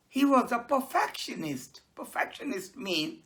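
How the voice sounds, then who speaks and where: A teacher telling a moral story to children, pausing to explain words as they go. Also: medium pitch. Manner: explains words, slow and animated.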